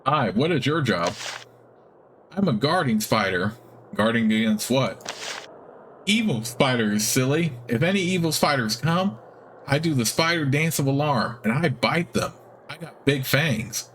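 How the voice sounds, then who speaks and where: A naive giant spider from a fantasy game squeaks out short, simple sentences in a high, childlike voice, as a man puts it on while reading the dialogue. The voice sits well above ordinary talk, with a light, innocent manner. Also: expressive, unhurried, fairly bright tone, a little hiss or hum. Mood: chirpy friendly.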